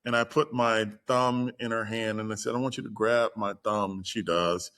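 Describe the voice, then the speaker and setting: Animated man telling a story. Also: on the low side, moderate pace. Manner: animated, acts out quoted voices. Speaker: guest storyteller. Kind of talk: casual storytelling.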